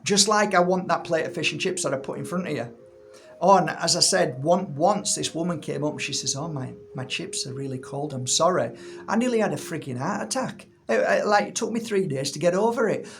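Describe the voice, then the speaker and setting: Gravelly animated man. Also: high voice, a little hiss or hum. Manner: animated, repeats words, rants. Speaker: healer and channel host. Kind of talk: casual monologue to viewers. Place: room at home.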